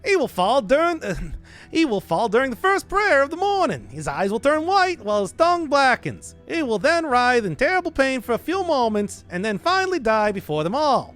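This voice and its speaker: Casting: streamer doing brash Chicago-accent reader, big swooping pitch, music under. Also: male voice, sing-song, normal speed, full character voice. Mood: hammy. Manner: boisterous, higher and louder than usual. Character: loud Chicago-accented man reading game text aloud.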